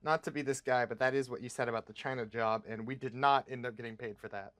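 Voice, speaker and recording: A man's voice: mid-range voice, fairly even intonation, fast, a bit bright, pitched below the performer's own voice, lightly acted. A man doing a hedging, dry teammate. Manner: hedging, dry, mildly exasperated. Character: hesitant polite male team member.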